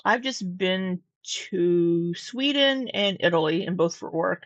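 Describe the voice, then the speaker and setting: A woman's voice: lowish voice, slow, dry recording, highs cut off. A woman hosting casual commentary, chatty and gushing with rambling asides. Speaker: commentary host.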